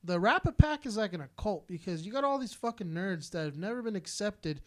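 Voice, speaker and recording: A man from Southern California rants on a casual podcast in a heated, rambling stream. His voice sits high, and he swears constantly. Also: lively intonation, brisk, a bit bright. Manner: profane, heated, rambling rant. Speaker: podcast co-host.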